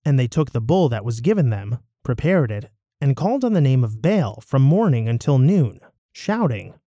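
Expressive man reading scripture. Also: medium pitch, no room sound, clean studio sound. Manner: expressive, measured storytelling. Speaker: scripture reader. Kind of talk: scripted narration.

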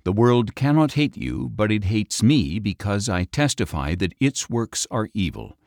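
A man voicing Jesus as a calm grown man who teaches with authority, in earnest, measured speech. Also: fairly low pitch, creaky, no echo, studio quality.

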